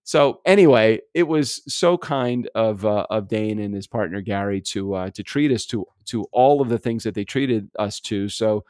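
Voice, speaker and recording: A relaxed American man chats on a podcast, rambling through his story with frequent laughs and casual swearing. His voice sits on the lower side, and the recording is close and dry with no room sound. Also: normal speed, hardly any pauses, clear, resonant tone, dry recording. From United States. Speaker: podcast co-host. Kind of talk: casual chat. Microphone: remote podcast recording setup.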